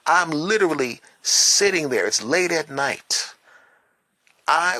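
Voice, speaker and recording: A man hosting a podcast, telling stories in an animated, emphatic way and repeating words for effect, recorded on a phone. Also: on the high side, no room sound. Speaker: podcast host. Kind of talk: casual monologue.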